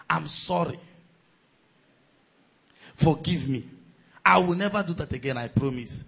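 Male pastor, fairly high, bright and husky, preaches with big shouted surges. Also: lively intonation, unhurried, pauses often, rough recording. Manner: preaching with loud surges and shouts, then quiet storytelling. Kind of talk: sermon.

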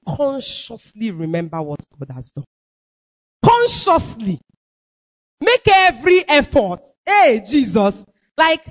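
A woman with a Nigerian accent gives a testimony sermon, her pitch leaping and falling all through. She drops to near-murmurs, then rises into loud declarations. The recording is dull and lo-fi. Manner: animated, swings from low murmurs to loud declarations. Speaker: preacher.

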